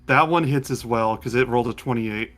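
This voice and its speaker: A man running a tabletop game as game master, who slows down when he describes the monsters. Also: mid-range voice, a bit bright.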